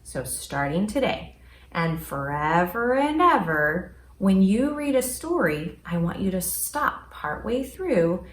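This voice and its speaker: Kindergarten teacher lady, slow and sing-songy, roomy echo, faint hum behind. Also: mid-range voice, far from the mic. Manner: animated, encouraging, talks to children. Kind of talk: read-aloud reading lesson.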